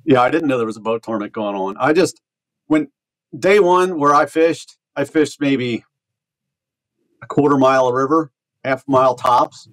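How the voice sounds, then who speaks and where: A man's voice: medium pitch, normal speed, pauses often, a bit bright, poor audio. A man on a podcast, a guest talking casually about his fishing, rambling a little with restarts. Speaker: podcast guest, kayak bass angler. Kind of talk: casual chat.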